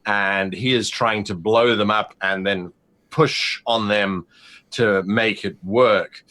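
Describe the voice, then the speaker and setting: A man's voice: on the low side, steady tone, slow, bright, forceful tone. A man running a tabletop game as game master, narrating in a rambling way with many fillers.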